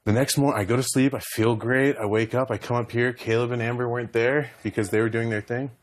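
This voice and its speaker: A man's voice: medium pitch, fairly even intonation, fast. A young man and reality show contestant, rambling emotionally as he retells conversations in a heated talk.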